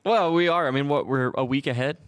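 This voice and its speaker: Man, podcast co-host, casual rambling chat, clear smooth voice, dry close sound. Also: mid-range voice, fairly quick, no room sound. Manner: rambling, chuckles often.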